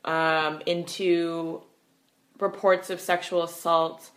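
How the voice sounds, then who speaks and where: A woman co-hosting a discussion podcast, explaining things in a measured way with fillers. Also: on the low side, little pitch movement. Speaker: podcast co-host.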